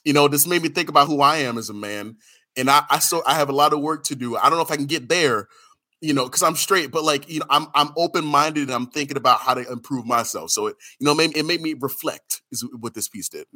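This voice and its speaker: A man chatting as a podcast panelist, animated and self-deprecating, breaking into laughs as he talks. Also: on the high side, fast. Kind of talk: casual chat.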